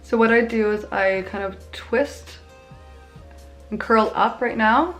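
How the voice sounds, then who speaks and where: A woman's voice: a little high, slow pace, a bit bright, soft background music. Young female beauty vlogger, chatty and self-deprecating, casual tutorial talk. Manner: chatty, bubbly, self-mocking asides.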